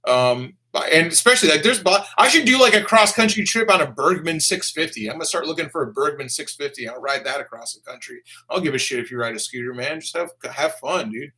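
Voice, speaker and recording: A young man doing a laid-back live stream, reading out donations and comments. He swears freely, calls everyone dude, and breaks into excited bursts. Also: a little high. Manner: bursts of excitement and quick laughs. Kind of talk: casual live-stream chat.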